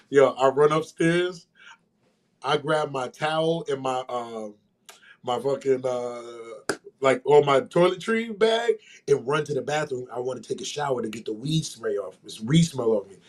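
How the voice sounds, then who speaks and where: A man's voice: normal speed, a little hiss or hum. A man co-hosting a podcast, telling a story in casual chat and acting out the people in it. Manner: animated, acts out quoted voices with big pitch jumps. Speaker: podcast co-host.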